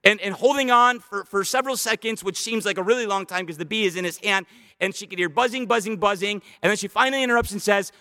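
A man preaching a sermon as pastor, animated, slowing down to stress scripture quotes. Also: high-pitched, in a large hall.

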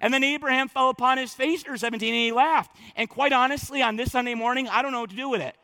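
Man, pastor, sermon, scripture reading, conversational asides, very high voice. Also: quick pace. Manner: animated, conversational preaching with asides.

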